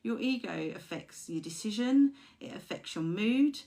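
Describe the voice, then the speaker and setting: A woman life coach talking casually, chatty and animated, acting out examples in little voices. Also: mid-range voice, unhurried.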